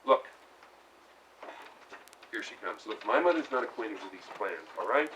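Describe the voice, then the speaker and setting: A man's voice: on the low side, animated, normal speed, bright, forceful tone, far from the mic, slight background noise, rough recording. An actor playing a restless young man who longs to leave home, talking intensely in bursts of feeling. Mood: brooding. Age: young adult. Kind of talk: stage play scene.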